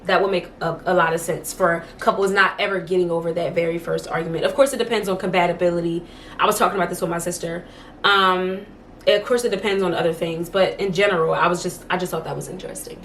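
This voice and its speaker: A woman's voice: fairly low pitch, steady tone, fast talker, a bit bright, a little hiss or hum. A young woman vlogging from home, chatting casually to camera and telling stories, full of "like" fillers. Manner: chatty storytelling, many "like" fillers.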